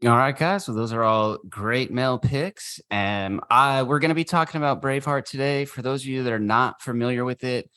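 A man's voice: medium pitch, moderate pace, hardly any pauses, sharp tone, no room sound, studio quality. A man co-hosting a casual podcast chat, leading the talk with enthusiastic, profane remarks. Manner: profane, enthusiastic, leads the discussion. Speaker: podcast co-host.

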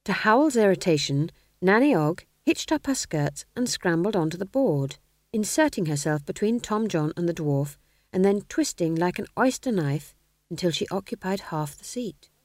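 A woman reading a comic fantasy novel aloud as the audiobook narrator, in a wry, measured storytelling manner. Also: lowish voice, lively intonation, a little mellow, no room sound, clean studio sound. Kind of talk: scripted narration.

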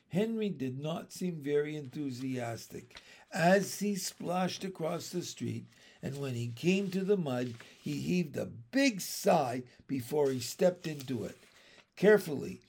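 A man narrating a children's book aloud in a measured, expressive storytelling manner. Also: on the high side, breathy edge.

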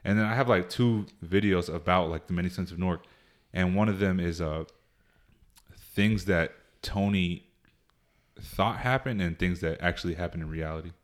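A man's voice: low voice, moderate pace. A young man hosting a comedy podcast, chatting casually and joking around with profanity. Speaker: podcast host. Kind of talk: casual chat.

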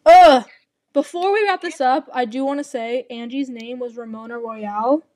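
A young woman co-hosting a podcast, chatting casually and animatedly with quick asides. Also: fairly high pitch, a little mellow, dry recording. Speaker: podcast co-host. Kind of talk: casual chat.

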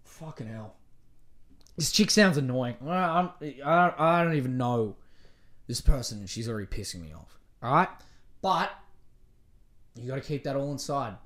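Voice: medium pitch, moderate pace. A podcast host rambling through a casual solo monologue, swearing freely and poking fun at themselves. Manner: profane, rambling, self-mocking; lively, swings between mutters and outbursts.

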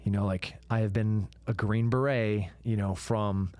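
Low-voiced man hosting an interview. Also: fairly even intonation, measured pace, darkish tone, no echo. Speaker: podcast host. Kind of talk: casual interview chat.

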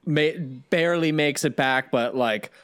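A man's voice: fairly high pitch, unhurried, clean tone, dry recording. A man co-hosting a casual film podcast, cracking dry jokes as he talks about a movie. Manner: joking, animated, dry wisecracks. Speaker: podcast co-host. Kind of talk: casual film-review chat.

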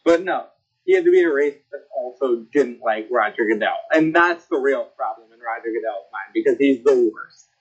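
A man's voice: mid-range voice, expressive, a little fast, slightly rough. A man joining in as a panelist in casual sports talk, sarcastic and emphatic. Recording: dull lo-fi call audio.

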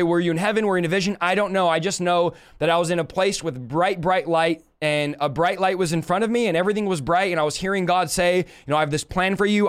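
A man's voice: sits high, clean tone. A man in his thirties telling his testimony on a live stream as a preacher, fervent and emphatic, repeating phrases and speaking straight to his viewers.

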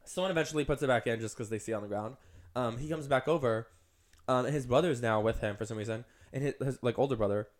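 A man's voice: mid-range voice, fast talker. A man co-hosting a podcast in casual chat, rambling with lots of "like" and "um". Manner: rambling, heavy use of "like" and "um". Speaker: podcast co-host.

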